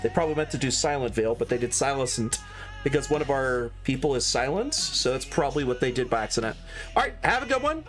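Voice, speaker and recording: A man's voice: mid-range voice, fast talker, faint music behind. A man, chatting casually with his squad while streaming a military game. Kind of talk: casual gaming chat with squad.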